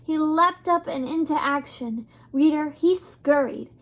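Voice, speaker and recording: A woman reading a children's novel aloud in a gentle, measured storytelling voice. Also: high voice. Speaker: reader.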